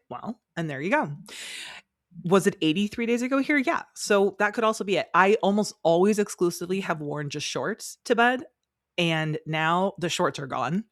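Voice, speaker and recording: Woman co-host, lowish voice, lively joking storyteller, dry close mic. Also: moderate pace, no room sound. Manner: animated storyteller, jokey. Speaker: podcast co-host. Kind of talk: casual chat.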